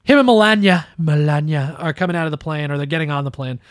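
Animated, profane man on a podcast. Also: on the high side, quick pace, dry recording, clean studio sound. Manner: animated, profane, acts out quotes in mocking voices. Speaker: podcast co-host. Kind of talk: casual political commentary.

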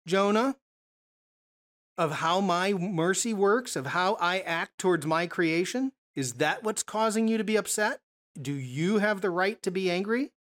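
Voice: medium pitch, fairly bright tone. A preacher teaching a Bible passage in a conversational sermon, full of rhetorical questions and self-corrections.

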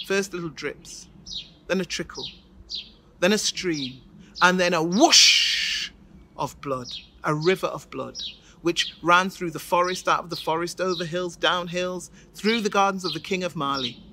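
A woman's voice: on the low side, background noise. A woman storyteller telling a folk tale with rhythmic repetition and dramatic build-ups.

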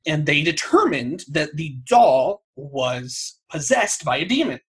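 A podcast co-host tells a story in a wry, loose way, swearing freely and laughing at his own cynicism during a casual chat. His bright, forward voice has a husky edge and sits a touch high for a man. He's very animated yet takes it slowly.

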